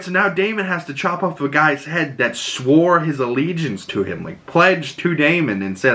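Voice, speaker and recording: A man hosting a podcast, recapping a TV episode in loose, excitable casual chat and swearing freely. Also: a little high, moderate pace.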